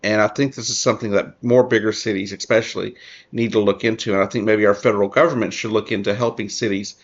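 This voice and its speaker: A man's voice: lowish voice, steady tone, lo-fi sound. A man hosting his own commentary show, reading an article aloud and adding earnest remarks, often restarting his sentences. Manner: earnest, halting, many restarts and fillers. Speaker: political commentary host.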